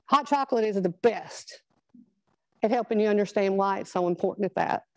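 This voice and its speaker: A woman's voice: medium pitch, a little fast, no echo, rough recording. A middle-aged woman, giving a chatty, earnest motivational talk to a live group. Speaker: speaker at a product training.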